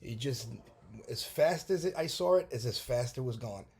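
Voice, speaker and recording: A man from New York recounts a personal experience in an unscripted vlog. His voice sits at an ordinary middle pitch, and he tells the story animatedly, stumbling and restarting as he goes. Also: lively intonation, normal speed, a little mellow, husky. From New York, USA. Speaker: vlogger telling a personal testimony. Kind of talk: casual spoken testimony.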